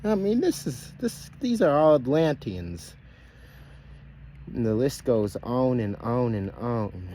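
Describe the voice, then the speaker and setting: A man's voice: mid-range voice, big pitch swings, slow, mellow. A man holds forth in a loose, preachy monologue, circling back on his own phrases and often breaking off mid-thought. His voice sits in an ordinary middle register, and he keeps addressing listeners as brothers and sisters. A faint hiss runs under the recording. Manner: rambling, repeats phrases, self-interrupts. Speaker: online speaker addressing followers.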